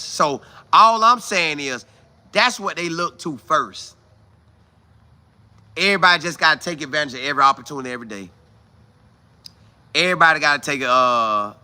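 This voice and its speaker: A man's voice: a little high, bright, forceful tone. A man hosting a casual live stream, reading viewer comments aloud and talking straight to his audience with exclamations and repeated phrases for emphasis. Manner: talks straight to viewers, calling them y'all.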